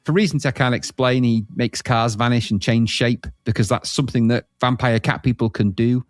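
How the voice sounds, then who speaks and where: A man's voice: mid-range voice, steady tone, normal speed, dry recording, clean studio sound. Blunt, laughing podcast man. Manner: blunt, laughing, acts out scenes. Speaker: podcast co-host. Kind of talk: casual retro film chat.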